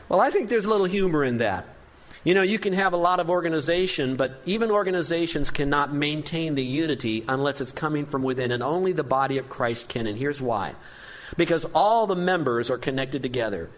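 Man, pastor, sermon, earnest, emphatic, slightly high voice. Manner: earnest preaching with emphatic rises.

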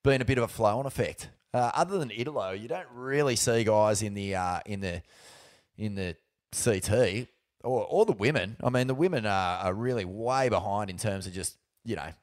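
A man's voice: fairly low pitch, moderate pace. An Australian man co-hosting a podcast in casual chat, laid-back, with fillers, restarts and swearing. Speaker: podcast co-host.

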